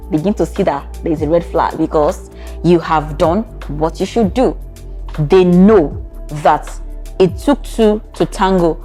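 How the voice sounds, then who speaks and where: A woman with a Nigerian accent giving relationship advice in a vlog, animated and acting out both sides of arguments. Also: on the low side. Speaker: relationship coach.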